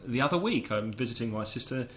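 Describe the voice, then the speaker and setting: A man with an English accent co-hosting a casual language-learning podcast, relaxed and self-deprecating, quick to laugh. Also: medium pitch. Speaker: podcast co-host teaching English phrasal verbs.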